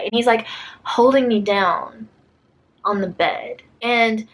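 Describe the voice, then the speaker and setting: A woman's voice: on the high side, fairly even intonation, slow pace, a bit bright, poor audio. A young woman YouTuber telling a personal story to camera in a storytime vlog, chatty and full of fillers, acting out what people said. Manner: chatty, many fillers, acts out quotes.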